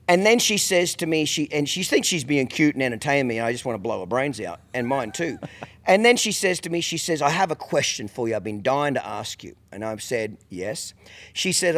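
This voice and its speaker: A middle-aged man hosting a podcast, telling a story in a blunt, profane, emphatic way. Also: mid-range voice. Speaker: podcast host. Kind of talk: casual storytelling.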